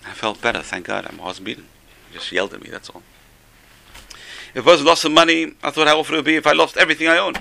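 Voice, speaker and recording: Gravelly, bright-toned man telling stories. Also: on the high side, quick pace. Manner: chatty, repeats phrases, chuckles between points. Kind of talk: informal religious talk with storytelling.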